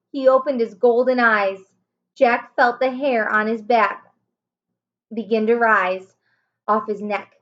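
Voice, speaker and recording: A woman teacher reading a children's chapter book aloud, slowly and carefully, raising her voice for the children's lines. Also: fairly high pitch, lo-fi sound. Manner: slow, careful reading with small self-corrections. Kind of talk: storybook read-aloud.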